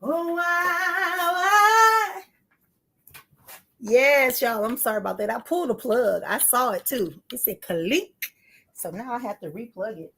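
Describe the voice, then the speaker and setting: A woman's voice: fairly high pitch, brisk, gravelly, hardly any pauses, a bit bright, slightly rough. A woman giving a live spiritual teaching, talking straight to her listeners in an emphatic way, repeating key phrases and picking up speed when she gets heated. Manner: addresses listeners directly and informally.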